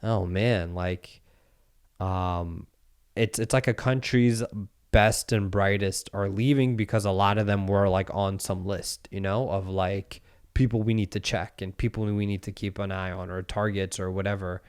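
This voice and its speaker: Guy with a lowish smooth voice, chatty, tells a wild story and does everyone's voices. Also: a little slow, dry recording, studio quality. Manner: animated storyteller, acts out quoted voices. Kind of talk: casual chat, storytelling.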